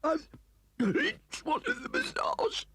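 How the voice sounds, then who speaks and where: An actor playing a boastful male toad whose voice has shrunk to a frantic squeak, in a 1980s stop-motion cartoon. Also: huge pitch swings, slow, gravelly, sharp tone, heavily acted. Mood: panicked squeak.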